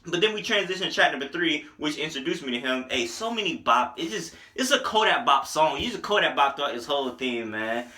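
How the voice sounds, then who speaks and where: A young man casually reviewing an album, animated and profane, joking and rapping lines along. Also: fairly high pitch, fairly quick, hardly any pauses. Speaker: music reviewer. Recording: echoey room.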